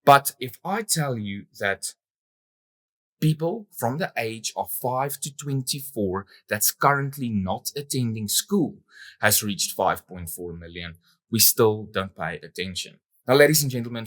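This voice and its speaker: A man giving a keynote on stage, animated and emphatic, with playful asides to the audience. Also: dry recording. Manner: animated, emphatic, with sudden jumps in pitch and loudness. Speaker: event industry speaker.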